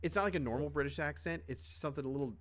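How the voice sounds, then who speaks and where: A man's voice: a little high, racing. A young man co-hosting a podcast, talking casually with lots of fillers, restarts and offhand swearing. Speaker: podcast co-host. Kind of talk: casual chat.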